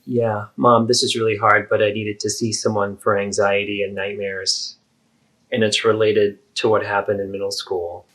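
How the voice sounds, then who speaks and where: A man's voice: lowish voice, level tone, normal speed, a bit bright, natural voice. Man playing an earnest adult daughter. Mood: hesitant. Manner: earnest, pleading, persistent. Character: adult daughter confronting her mother. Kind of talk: therapeutic role-play.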